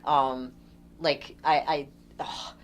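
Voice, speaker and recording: Woman with a deep-ish voice telling a story to the class, chatty and laughy. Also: drawn-out words, a little hiss or hum. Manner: animated, laughs often while telling the story. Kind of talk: casual storytelling.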